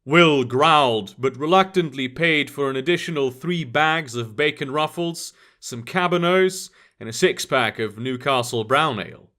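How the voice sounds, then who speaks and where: A man narrating an urban fantasy story in an expressive scripted reading. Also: medium pitch, a little slow, hardly any pauses.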